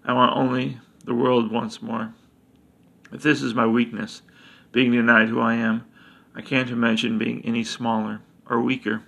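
A man's voice: mid-range voice, little pitch movement, moderate pace, creaky, sharp tone. A man voicing a fallen former mayor, once godlike and now bitter and lost, in a pleading, brooding reading. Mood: sullen.

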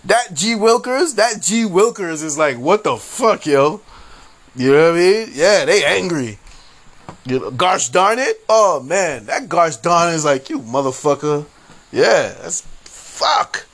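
A man's voice: sits high, expressive, takes it slowly, fairly bright tone. A man hosting a casual solo podcast, rambling and laughing often, full of slang and profanity. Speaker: podcast host. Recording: faint background noise.

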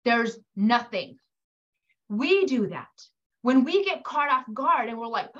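A woman's voice: on the high side, takes it slowly, muffled recording. A woman giving a coaching talk to mothers, addressing listeners directly and animatedly acting out quoted parents and kids. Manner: animated, acts out quoted voices.

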